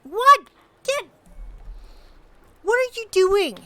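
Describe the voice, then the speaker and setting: A woman voicing a bossy, foul-mouthed woman adventurer who yells and curses. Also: very high voice, big pitch swings, drawn-out words, voice pushed up, exaggerated voice. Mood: angry yelling. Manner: yelling, cursing.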